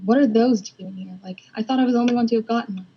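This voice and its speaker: A woman's voice: fairly high pitch, racing, husky, lo-fi sound. A woman voicing a nervous young woman who is new to the neighborhood, speaking hesitantly. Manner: hesitant, unsure.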